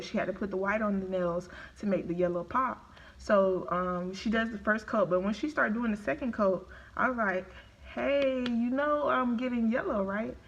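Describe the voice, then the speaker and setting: Speaking at a medium pitch, this woman vlogger chats animatedly with viewers she addresses as y'all, sharing a story while she eats on a live stream. The sound is lo-fi, picked up by a phone or webcam.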